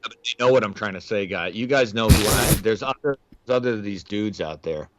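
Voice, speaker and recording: A man's voice: fairly low pitch, a little fast, dry recording. A man co-hosting a film podcast, chatting casually with wry, crude humor. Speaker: podcast co-host. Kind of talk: casual film review chat.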